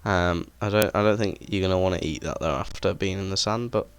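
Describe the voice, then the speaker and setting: Low-voiced man rambling over game footage. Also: fairly quick, clean tone. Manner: rambling, enthusiastic, many fillers. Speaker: gaming video creator. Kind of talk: casual game walkthrough commentary. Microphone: desk microphone with headset.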